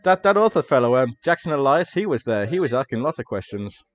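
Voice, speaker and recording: A man's voice: mid-range voice, big pitch swings, fast talker, close to an everyday voice. A jovial, hearty old-school professor, friendly and fond of a drink, as a man plays him at the gaming table. He talks in a chummy, familiar way, a little muffled.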